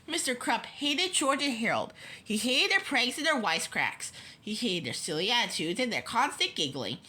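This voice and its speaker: A woman reading a children's book aloud with expressive storytelling and small stumbles. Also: on the high side, moderate pace. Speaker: reader.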